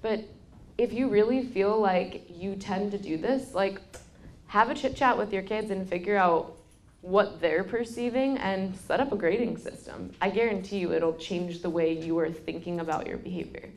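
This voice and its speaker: A woman in her thirties hosting a podcast, giving casual parenting advice and telling personal stories, quoting people in a lively way. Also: medium pitch, normal speed. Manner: candid storytelling, quotes people in a lively way. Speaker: podcast host.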